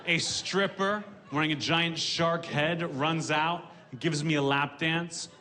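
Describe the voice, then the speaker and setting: A man performing a stand-up comedy set in a deadpan way, delivering dark punchlines dryly on a comedy stage with audience laughter behind him. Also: a little high, slow pace.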